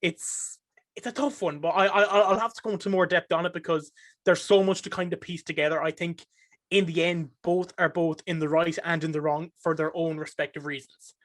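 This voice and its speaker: Man, Irish accent, higher pitch, animated, casual podcast chat. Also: a little fast, no echo, clean studio sound. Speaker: podcast guest.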